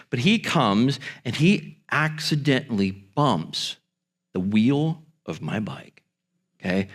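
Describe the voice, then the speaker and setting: A pastor telling a story about his boyhood, vivid, jumping up into a high voice when acting out his younger self. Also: a bit bright. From Michigan. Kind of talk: storytelling to a congregation.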